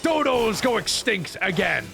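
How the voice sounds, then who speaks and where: Man, gameplay commentary, crude jokes, gravelly, bright, lively pitch, faint music behind. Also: measured pace. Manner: crude joking asides. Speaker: gamer and voice dubber.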